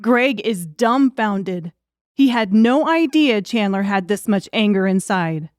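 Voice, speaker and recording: A woman's voice: medium pitch, expressive, takes it slowly, no room sound. A woman narrating an audiobook in a wry, crude comic storytelling manner.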